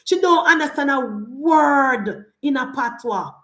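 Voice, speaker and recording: A woman's voice: high-pitched, lively intonation, slow, pushed and bright, echoey room. Fiery Jamaican woman ranting in patois. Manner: fiery, switches between patois and standard English. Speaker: political commentator. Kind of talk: heated political rant.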